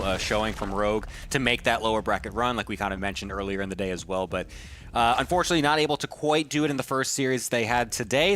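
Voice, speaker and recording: Steady man breaking down esports play. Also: lowish voice, slight background noise. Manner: steady analytical recap. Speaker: esports co-caster. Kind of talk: live esports play-by-play analysis.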